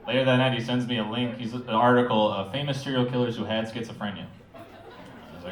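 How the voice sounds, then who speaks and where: A man's voice: medium pitch, fairly even intonation, distant mic. Mumbling man doing stand-up in a roomy club. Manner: mumbling, offhand delivery with filler pauses. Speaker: stand-up comedian. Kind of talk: stand-up set. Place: comedy club stage.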